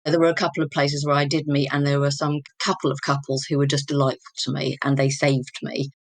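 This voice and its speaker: Her voice sits low with little pitch movement and a brisk pace, recorded with no echo. She's an English woman in her fifties, a guest in an interview, candidly and reflectively telling stories from her own life.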